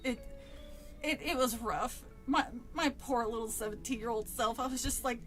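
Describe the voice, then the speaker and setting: A woman's voice: fairly high pitch, moderate pace, music in the background. A woman streamer casually telling a personal story, laughing often and swearing freely.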